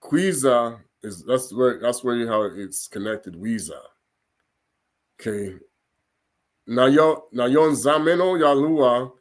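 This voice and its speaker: A man giving an informal scripture lesson, sounding out foreign words syllable by syllable and breaking into chatty, laughing asides. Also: medium pitch. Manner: laughs and gets animated in asides. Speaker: religious teacher.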